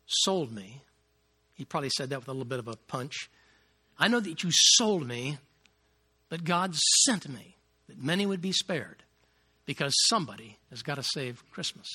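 A man's voice: on the high side, sharp tone. A man preaching a sermon, retelling a Bible story with dramatic flair and acting out the quoted lines.

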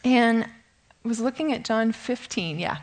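A woman's voice: a little high, lively intonation, measured pace, a little hiss or hum. A middle-aged woman giving a casual, self-deprecating Bible study talk, laughing often and a bit shaky with nerves. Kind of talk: informal teaching talk.

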